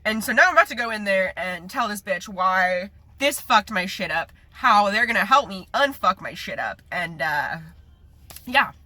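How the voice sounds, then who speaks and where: A young woman in her twenties rants to her viewers, swearing freely as she fights back tears. Her voice is bright and a little husky, angry and choked at once. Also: mid-range voice, animated, normal speed, no room sound. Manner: tearful, angry and profane. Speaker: vlogger. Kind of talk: emotional vlog rant.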